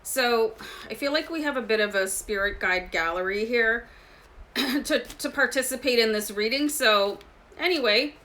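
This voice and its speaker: A woman with a bright, clear voice talks her viewers through a tarot reading in a relaxed, chatty way. She confides as she goes and calls the audience "guys" like old friends. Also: a little high, measured pace, low-quality recording. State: slight throat irritation. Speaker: tarot reader. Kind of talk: casual tarot reading to camera.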